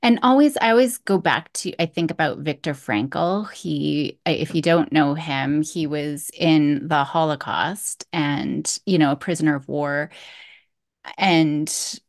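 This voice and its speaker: A woman's voice: deep voice, slow. A woman hosting a podcast interview, talking in a reflective, explaining way. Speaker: podcast host. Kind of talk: casual interview chat.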